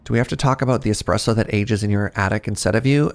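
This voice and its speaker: A man's voice: on the low side, fast, gravelly, faint music behind. A middle-aged man from British Columbia with a British Columbia Canadian accent, chatting casually and teasing his viewers while he streams a game. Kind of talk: casual live-stream chat.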